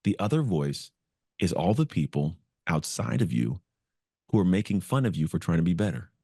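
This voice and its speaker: A man's voice: sits low, very animated, normal speed, creaky, mellow, breathy edge, no echo, studio quality. A man as a podcast guest, telling his story in an earnest, reflective way and acting out the voices in his head. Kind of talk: storytelling interview.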